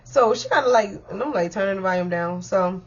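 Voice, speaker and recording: A young woman telling a personal story in a chatty, animated way, full of slang and speaking straight to her viewers. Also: medium pitch, fairly quick, husky, lo-fi sound. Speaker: storyteller vlogger. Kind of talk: casual storytime.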